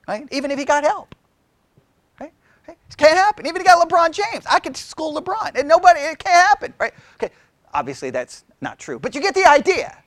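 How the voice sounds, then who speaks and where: Animated high-voiced man teaching Bible study. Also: no echo. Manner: chatty, animated, asks the group questions.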